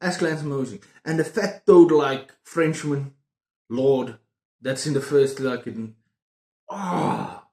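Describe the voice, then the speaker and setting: A man chatting casually about books on his video channel, excitable and prone to repeating himself. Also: medium pitch, slow pace. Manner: excitable, repeats words and phrases. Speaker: book vlogger. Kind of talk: casual book review chat. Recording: roomy echo.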